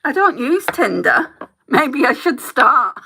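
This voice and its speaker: Bright, gravelly woman chatting. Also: high-pitched, a little hiss or hum. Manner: chatty, candid storytelling with laughs. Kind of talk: casual chat while doing makeup.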